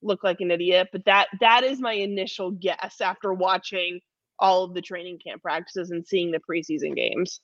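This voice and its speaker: A woman's voice: fairly low pitch, moderate pace, no room sound, highs cut off. A woman sports reporter, a guest on a casual podcast, chatting about football roster picks with self-deprecating humor and frequent ums.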